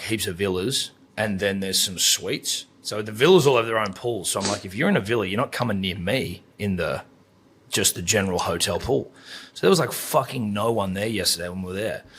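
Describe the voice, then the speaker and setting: A man's voice: on the low side, fairly bright tone, husky. A man in his thirties, casually telling holiday stories on a podcast, swearing freely. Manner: sweary, laid-back storytelling. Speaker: podcast co-host. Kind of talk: casual chat.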